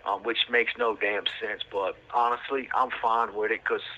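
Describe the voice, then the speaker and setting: Brief: man with a bright, husky voice spinning a loose, slangy story over a tinny phone line. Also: fairly low pitch, flat delivery, normal speed. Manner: rambling, street slang, many fillers. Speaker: podcast host telling his own story. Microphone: prison phone line.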